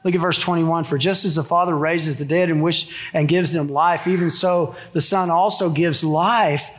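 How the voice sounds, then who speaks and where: A man's voice: a little high, fairly even intonation, moderate pace, fairly bright tone. A middle-aged man preaching a sermon in a church, conversational, with joking asides to the congregation. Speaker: pastor. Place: church sanctuary.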